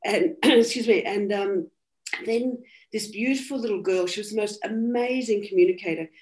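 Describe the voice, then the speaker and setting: A woman's voice: mid-range voice, normal speed. An Australian woman, a medium, earnestly retelling a reading in an interview and quoting what was said. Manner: earnest, soft-spoken retelling with quoted dialogue. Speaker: medium, guest. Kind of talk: personal storytelling in interview.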